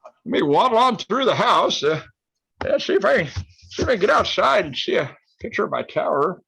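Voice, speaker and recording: A man chatting casually on a video call, rambling and laughing, cursing and breaking into loud outbursts. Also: high-pitched, big pitch swings, a little fast, creaky, slightly rough, no room sound, poor audio. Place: house and backyard. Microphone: phone or laptop on a video call.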